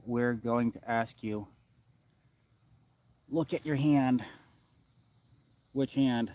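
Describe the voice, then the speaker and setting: Male livestreamer, mid-pitched, unhurried, filler-heavy outdoor chat, dry sound. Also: dry recording. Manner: relaxed, many filler uhs. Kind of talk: casual live-stream chat. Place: outdoors in the woods.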